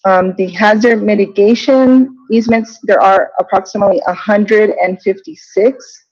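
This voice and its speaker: A woman giving a project update at a village council meeting, halting, with many ums and restarts. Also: medium pitch, a little mellow. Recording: dull lo-fi meeting audio.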